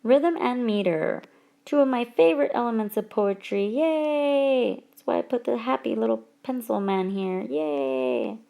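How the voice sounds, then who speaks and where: Over whiteboard slides, a woman teacher delivers a recorded lesson slowly and deliberately, drawing out her example words. Her voice is fairly high, creaky and dark in tone.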